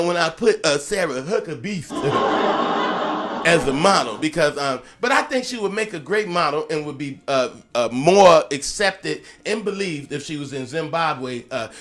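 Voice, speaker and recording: Profane rambling comedian doing mock news. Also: male voice, on the high side, a bit bright. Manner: rambling, profane, lots of "uh" fillers, chuckles between lines. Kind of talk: improvised comic news monologue. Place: Las Vegas.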